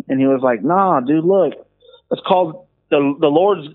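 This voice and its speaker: A man's voice: a little high, fairly quick. A man, a minister, telling his story in casual slangy speech and acting out what others said. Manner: slangy, animated, acts out quoted voices. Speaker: guest minister. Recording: phone-like call audio.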